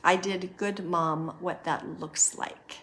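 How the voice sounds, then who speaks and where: A woman's voice: lowish voice, fairly even intonation, slow, a bit bright. A middle-aged woman hosting a podcast, earnestly guiding listeners through reflection and telling a personal story. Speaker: podcast host.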